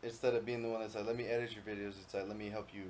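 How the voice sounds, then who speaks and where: A young man hosting a casual podcast chat, swearing freely and getting loud when he tells gaming stories. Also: lowish voice, racing, a little hiss or hum. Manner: profane, animated storytelling, yells when quoting himself. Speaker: podcast host.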